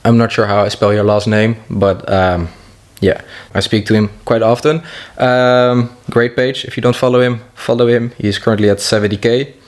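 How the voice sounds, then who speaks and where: A young man narrating a comedic vlog in a jokey, deadpan way, with asides to himself. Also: lowish voice, moderate pace. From half French. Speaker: YouTuber.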